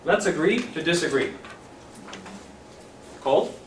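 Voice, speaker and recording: A man with a fairly high voice teaches an English class, lively and repeating phrases slowly so students can follow. He is picked up from across an echoey classroom, and a faint room hum sits underneath. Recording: roomy classroom from a distance.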